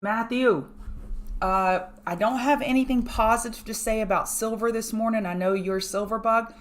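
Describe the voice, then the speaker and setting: A middle-aged woman hosting a live pre-market stream, chatty and fast, greeting viewers by name between chart notes, with a strong regional accent. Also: fairly high pitch, steady tone. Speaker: market analyst host.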